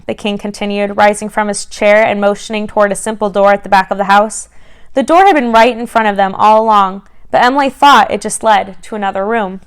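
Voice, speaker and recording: A woman reading a bedtime story to children as a church children's ministry storyteller, expressive and friendly, then leading them in prayer. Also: medium pitch, a little fast, clean tone.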